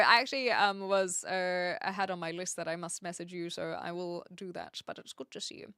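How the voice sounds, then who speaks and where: This New Zealand woman talks informally to her live stream audience, musing out loud and often stopping to find the word she wants. She has a lowish, steady, fairly bright and smooth voice, recorded at studio quality without echo.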